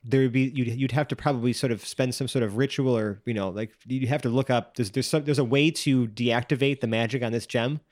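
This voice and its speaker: A man's voice: medium pitch, fairly even intonation, a little fast, few pauses, a little mellow, no echo, clean studio sound. A man narrating as game master of a tabletop role-playing game, rambling with many fillers and restarts.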